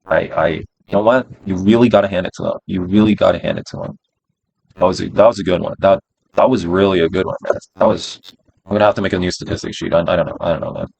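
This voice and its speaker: A man's voice: sits low, fairly even intonation, fast talker, creaky, a little mellow, breathy edge, dry recording, poor audio. A man streaming his day trades, talking himself through them in a casual, profane way and repeating phrases as he goes. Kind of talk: casual live-stream self-talk.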